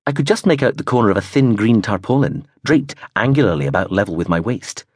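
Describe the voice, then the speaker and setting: A man narrating a novel in the first person, an expressive storyteller with a husky tone. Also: on the low side, fast, no room sound, clean studio sound. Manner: expressive storytelling with voiced character turns. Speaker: audiobook narrator.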